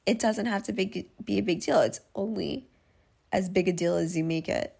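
A woman's voice: mid-range voice, steady tone, normal speed, gravelly, darkish tone. A woman hosting a solo podcast, talking frankly and mocking herself as she thinks things through aloud. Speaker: podcast host. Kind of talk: candid solo podcast monologue.

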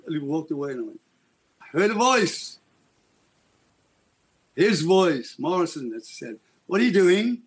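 Husky man spinning a dramatic tale. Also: a little high, big pitch swings, unhurried, pauses often. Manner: dramatic, rambling storyteller. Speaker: guest. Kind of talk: storytelling in an interview.

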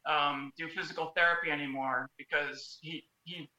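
A man on a podcast panel explaining a story haltingly, with many restarts. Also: on the high side, fairly even intonation, sharp tone, roomy sound, low-quality recording. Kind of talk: casual chat.

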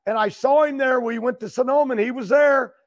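An older man, a guest, telling long rambling stories that keep restarting, with frequent throat clearing. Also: extremely high pitch, fairly quick. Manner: loose, meandering, keeps restarting and clearing his throat. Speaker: guest, racing driver. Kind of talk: rambling storytelling.

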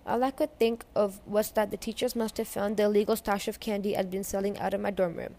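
A woman reading a novel aloud at a middle pitch. She narrates steadily, chapter by chapter, and gives the characters light voices as they speak. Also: flat delivery, a little fast, mellow. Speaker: reader. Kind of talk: audiobook-style reading of a novel.

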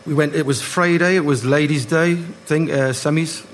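A man, telling lively football stories to a live audience and acting out the voices. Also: on the high side, moderate pace. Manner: animated anecdotes, acting out voices, laughing. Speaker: guest, former footballer. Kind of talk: live storytelling on stage. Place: live party event. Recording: noisy live room.

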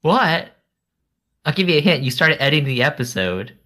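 A man's voice: mid-range voice, sing-song, fast, bright, forceful tone. A man co-hosting a podcast, teasing and playfully stirring things up in casual chat. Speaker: podcast co-host.

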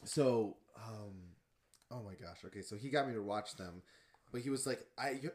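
A young man co-hosting a casual podcast, animated and laughing loudly, with the hiccups. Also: lowish voice, moderate pace. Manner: animated, laughs loudly, says bro and dude. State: has the hiccups. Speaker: podcast co-host. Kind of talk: casual chat.

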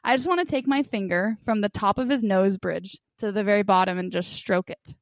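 A young woman chats casually as a podcast co-host, playful and quick to giggle. Her voice sits at an ordinary middle pitch, and the recording is dry and close with little room sound. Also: no echo. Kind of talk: casual chat.

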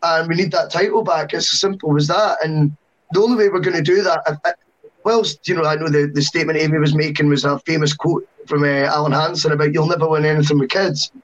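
Male podcast co-host, high pitch, rambling casual talk, muffled remote recording. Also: steady tone, fast. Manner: chatty, long-winded with asides. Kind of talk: casual football podcast chat.

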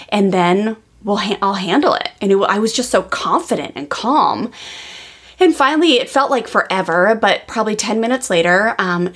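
A woman's voice: medium pitch, creaky. A woman in her thirties, a parenting educator, telling a personal story to her audience in an earnest, chatty way, full of "like" fillers.

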